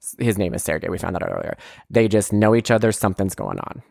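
A woman's voice: a bass voice, fast, gravelly, darkish tone, no room sound. A woman co-hosting a podcast, casually recapping a show, jokey and giggly. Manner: jokey, giggly, slips into silly voices. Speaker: podcast co-host.

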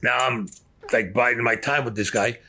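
A man's voice: mid-range voice, fairly even intonation, moderate pace, sharp tone. An older man, telling a story in a blunt, profane, streetwise way. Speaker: interviewee.

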